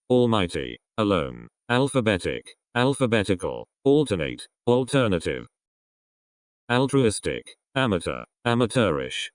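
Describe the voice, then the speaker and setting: A man reading a vocabulary list aloud, one word at a time with pauses between them. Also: low-pitched, no room sound, studio quality. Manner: reads single words one by one with pauses. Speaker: vocabulary reader.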